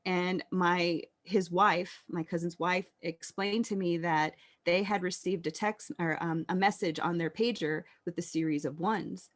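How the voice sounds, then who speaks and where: With a lowish voice, a woman in her thirties talks through her personal story on a podcast. She comes across as earnest and reflective, her speech marked by halting pauses.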